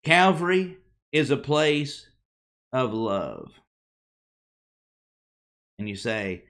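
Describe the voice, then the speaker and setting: A man delivers a sermon at a slow, measured pace in a mid-range voice. He leans on dramatic pauses and asks the congregation rhetorical questions. His phrases often drop low and soft at the end. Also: sing-song. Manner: emphatic, with dramatic pauses and falling endings. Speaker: preacher.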